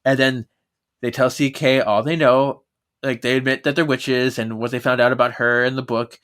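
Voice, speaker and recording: Bright-voiced man recapping chapters. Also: medium pitch, fairly even intonation, moderate pace. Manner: laughs often, summarizes chapter by chapter. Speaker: podcast co-host. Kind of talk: casual book-recap chat.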